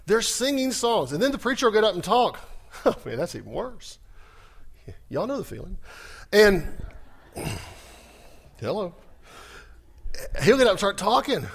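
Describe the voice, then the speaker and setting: A man preaching a sermon, animated and humorous, talking fast. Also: high voice, gravelly, husky. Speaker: pastor.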